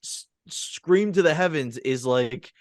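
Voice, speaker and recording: A man's voice: on the high side, animated, slow, no room sound, studio quality. A man co-hosting a podcast, talking in an emphatic, casual way and swearing freely. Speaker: podcast co-host. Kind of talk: casual chat.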